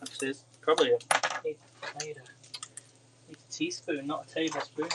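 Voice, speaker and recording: Chatty man cooking live, slightly high voice. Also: steady tone, normal speed, very noisy. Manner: chatty, talks to viewers as he cooks. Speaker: home cook streaming live. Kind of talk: casual live cooking chat. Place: home kitchen.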